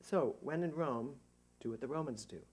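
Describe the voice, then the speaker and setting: A middle-aged man, a minister, giving a conversational sermon to a congregation, animated and joking at his own expense. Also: mid-range voice, normal speed, breathy edge. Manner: animated, jokey, self-mocking. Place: church service before a congregation.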